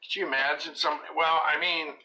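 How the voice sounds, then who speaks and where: A man hosting a casual live-stream chat, joking crudely and laughing loudly. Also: fairly high pitch, fairly even intonation, normal speed, crowd noise. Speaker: live show host.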